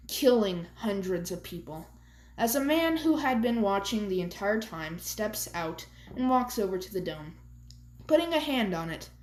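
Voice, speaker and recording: Slow, halting female storyteller. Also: medium pitch. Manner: halting, with self-corrections. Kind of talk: reading a fan-made story aloud. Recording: roomy echo.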